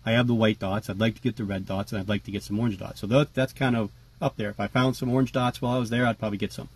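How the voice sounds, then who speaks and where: A man talking casually to camera about his tarantulas, relaxed and chatty with lots of fillers. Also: on the low side, very fast, slightly rough. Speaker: tarantula keeper vlogger. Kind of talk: casual rambling vlog.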